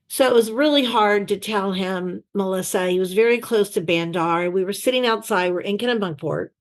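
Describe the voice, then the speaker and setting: A woman guest in an interview, telling an anecdote in a lively way and acting out the voices she quotes, over a video call. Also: medium pitch. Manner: animated storyteller who acts out quoted voices. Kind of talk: anecdotal storytelling.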